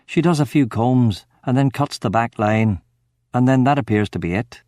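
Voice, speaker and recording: A man giving steady, measured first-person narration of a crime novel audiobook. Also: mid-range voice, dry recording, clean studio sound.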